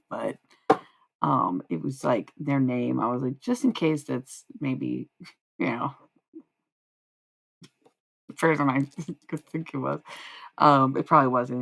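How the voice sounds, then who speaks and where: A woman's voice: extremely low pitch, vocal fry, a bit bright, rough recording. A woman live-streaming casual spiritual readings, rambling and swearing freely as she answers chat.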